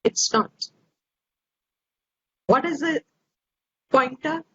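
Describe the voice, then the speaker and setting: A woman teaching scripture slowly and reflectively, repeating her phrases, over a video call. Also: high voice, a bit bright. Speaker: Vedanta teacher. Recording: dull lo-fi audio with faint hiss.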